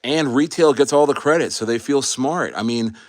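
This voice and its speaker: A man's voice: mid-range voice, normal speed, no room sound, studio quality. An American man hosting a casual livestream, rambling and swearing freely, with many restarts. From United States. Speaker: livestream host.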